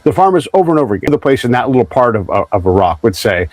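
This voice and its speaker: A man's voice: fairly low pitch, lively intonation, fast talker, hardly any pauses, no room sound, poor audio. Rambling American man, dry sound. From United States. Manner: rambling storyteller, many restarts, acts out quotes. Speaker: podcast host. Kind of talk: conversational interview.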